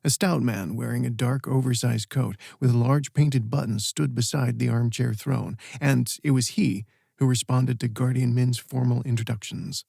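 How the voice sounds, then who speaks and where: A male audiobook narrator reading fantasy prose in an even, measured way. His voice is dark and gravelly with a husky grain, recorded dry and close. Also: medium pitch, no room sound.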